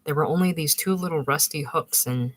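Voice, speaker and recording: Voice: medium pitch, a little fast, natural voice. A reader voicing a proud, touchy husband recovering from illness, speaking with stiff dignity and defensive explanations in an audiobook. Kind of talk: audiobook reading.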